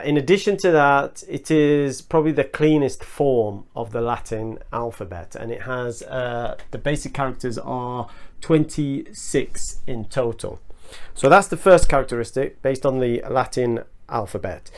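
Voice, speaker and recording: Man explaining an English lesson step by step. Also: mid-range voice. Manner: measured, explains step by step with spoken examples. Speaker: English teacher.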